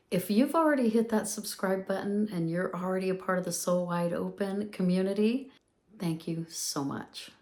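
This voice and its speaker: A woman's voice: on the low side, darkish tone. Upbeat woman hosting a motivational podcast. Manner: upbeat, emphatic, repeats phrases for effect. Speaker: podcast host.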